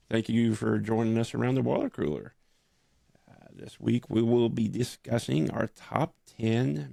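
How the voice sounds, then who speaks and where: Gravelly man hosting a chatty podcast. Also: fairly low pitch, dry recording, clean studio sound. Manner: laughs often, relaxed and chatty. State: deeper, rough voice from a cold. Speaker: podcast host. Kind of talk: casual chat.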